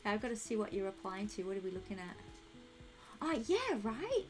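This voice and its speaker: A woman's voice: medium pitch, very animated, a little fast, music in the background. Chatty woman streaming a game. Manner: chatty, thinking aloud, answering chat. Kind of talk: casual live-stream chat while decorating in a game.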